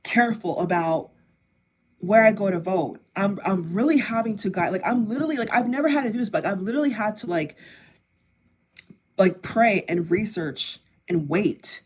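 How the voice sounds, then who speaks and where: A woman's voice: mid-range voice, normal speed, slightly rough. A woman giving impassioned political commentary to camera, emphatic and repetitive, speaking straight to her viewers. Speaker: political vlogger.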